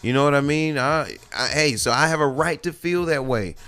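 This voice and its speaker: Profane confessional man with a smooth voice. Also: a little high, normal speed, a bit bright, faint music behind. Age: adult with children. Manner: profane, confessional, rambling with many restarts. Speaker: podcast host. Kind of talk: candid solo podcast monologue.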